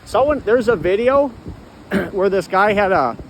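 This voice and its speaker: A man vlogging outdoors while walking, rambling and clearing his throat often. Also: high-pitched, expressive, a little slow, noisy background.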